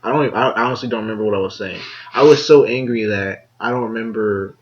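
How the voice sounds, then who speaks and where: A young man co-hosting a casual podcast, telling a school story in a chatty, animated way with lots of "like" and acted-out quotes. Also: fast talker. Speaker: podcast co-host. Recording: dull low-quality audio.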